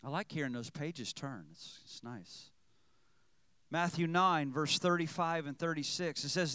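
High-voiced pastor preaching slowly. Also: male voice, bright, forceful tone, dry recording. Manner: preaching with scripture reading and call-and-response. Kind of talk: sermon.

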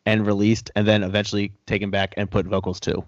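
A man as a podcast guest in casual chat, calm and factual with a wry edge. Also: fairly low pitch, quick pace, dry recording. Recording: dry, dull lo-fi sound.

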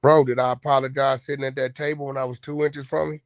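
A man hosting an online talk room, naturally loud, blunt and aggressive, with profane casual speech. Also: medium pitch, level tone, fast, dry recording, muffled recording. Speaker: host. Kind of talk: heated casual chat. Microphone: online audio room.

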